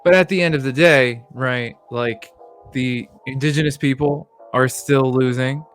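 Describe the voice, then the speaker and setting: A man's voice: medium pitch, fairly even intonation, unhurried, faint music behind. A man co-hosting a history stream who chats loosely, swears casually and cracks jokes while reading and reacting. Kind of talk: casual chat with crude humor.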